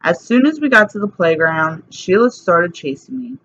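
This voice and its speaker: A woman's voice: lowish voice, normal speed. Woman reading a children's book aloud. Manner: lively, plain storytelling. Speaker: reader. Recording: slightly dull recording, faint hiss.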